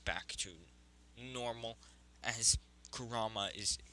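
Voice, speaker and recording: A man's voice: on the low side, steady tone, slow pace, sharp tone, low-quality recording. A man improvising a fan story narration, rambling with frequent self-corrections.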